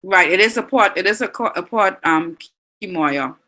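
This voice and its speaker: A woman's voice: on the low side, lively intonation, normal speed, sharp tone. A woman with a Bahamian accent teaching an online language class, reading out students' answers and praising them. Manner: encouraging, reads out students' chat answers.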